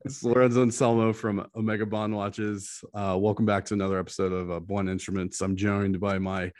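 Low-voiced guy cohosting a chatty podcast, jokey, laughs a lot, swears casually. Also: flat delivery, a little fast, a little mellow. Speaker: podcast co-host. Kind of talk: casual chat.

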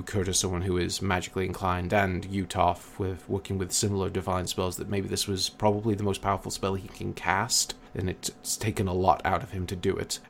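Male game master, casual narration, low voice, gravelly, faint background noise. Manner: relaxed, filler-heavy narration.

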